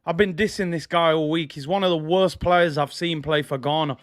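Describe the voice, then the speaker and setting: A young man hosting a live football watch-along, reacting emotionally and often breaking into frustrated shouting. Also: a little high, fairly even intonation, fairly quick, no echo, studio quality. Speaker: fan stream host.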